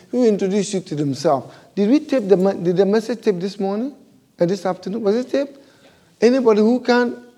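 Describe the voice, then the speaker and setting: A man's voice: high voice, a little mellow. A male pastor preaching a sermon, asking the congregation question after question.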